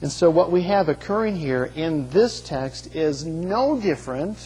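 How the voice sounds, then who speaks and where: Husky-voiced preacher in a reverberant hall. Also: male voice, on the high side, lively intonation, unhurried, darkish tone. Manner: earnest preaching with rhetorical questions and restarts. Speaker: pastor. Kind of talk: sermon. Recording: long reverb of a large hall.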